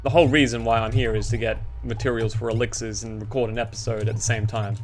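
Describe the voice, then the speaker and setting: Young man, Australian accent, goofy rambling gameplay commentary, medium pitch, faint background music. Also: fairly even intonation, a little fast. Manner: rambling, goofy and self-deprecating. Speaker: gaming YouTuber.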